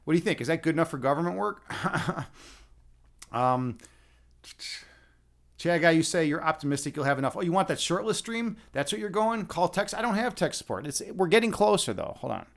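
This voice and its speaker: A man's voice: fairly high pitch, lively intonation, brisk, gravelly. A man hosting a casual livestream, rambling and chatting with viewers and swearing now and then. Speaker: livestream host.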